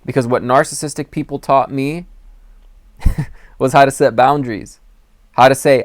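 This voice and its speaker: A young man with a mid-range, fairly even voice talks earnestly to camera at a measured pace, pausing often. As host of a spiritual advice channel, he gives personal advice in a rambling, candid way, acting out quotes. The studio-quality recording has no echo.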